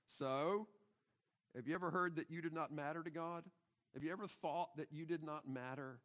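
A middle-aged man preaching in a church, his voice sitting a little high for a man. He delivers the sermon emphatically and keeps turning to the congregation with rhetorical questions. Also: normal speed, a bit bright. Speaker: pastor. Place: church sanctuary.

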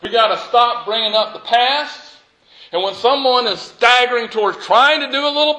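A male pastor delivers a sermon in a high, forceful voice. He reads scripture aloud and preaches with animated energy. He jokes easily with his congregation. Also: normal speed, rough recording.

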